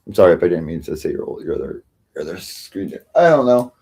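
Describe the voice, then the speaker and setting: A tired man rambling through a casual livestream chat, halting and restarting often, swearing freely. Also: extremely low pitch, vocal fry, dark tone, breathy edge. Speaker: livestream host.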